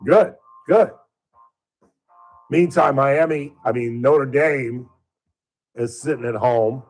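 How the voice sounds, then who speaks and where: A man's voice: medium pitch, steady tone, takes it slowly, soft background music. Rambling, blunt male radio host. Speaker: radio talk show host. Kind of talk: casual radio talk.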